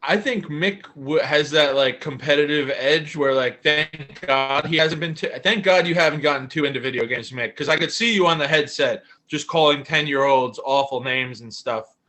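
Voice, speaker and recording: A man with a bright, sharp and fairly high voice trades jokes in casual podcast chat. He pokes fun at himself and teases his co-hosts. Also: moderate pace, few pauses. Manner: joking, self-deprecating. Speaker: podcast co-host.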